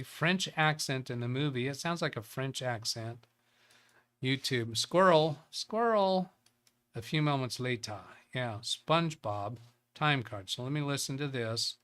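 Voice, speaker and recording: A man with a bright, sharp-edged voice hosts a casual live tech show at an ordinary middle pitch. He reads out viewer chat and thinks aloud as he works, rambling and chuckling between points. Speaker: tech livestream host.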